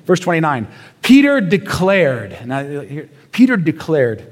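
A man's voice: fairly high pitch, very animated, measured pace, long reverb tail. A male pastor preaching a sermon in a casual storytelling way, with repetitions and rhetorical questions.

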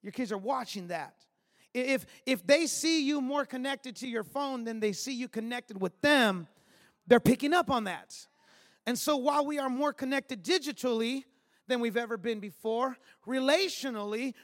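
A pastor in his thirties preaches with a strikingly high voice, telling stories and tossing in emphatic little asides to the congregation. His sermon rings out with the long reverb of a large hall. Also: normal speed, fairly bright tone. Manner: storytelling, conversational, emphatic asides.

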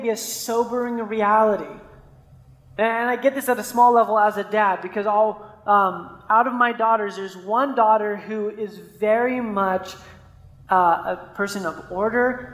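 A man's voice: high-pitched, a bit bright. Male pastor, conversational sermon, storytelling, long hall reverb, roomy sound. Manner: conversational preaching with stories, frequent "right?".

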